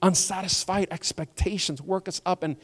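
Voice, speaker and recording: A man pastor preaching a sermon in a church, animated and acting out the people in his story. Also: high-pitched, normal speed. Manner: animated, acts out quoted voices. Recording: long church hall reverb.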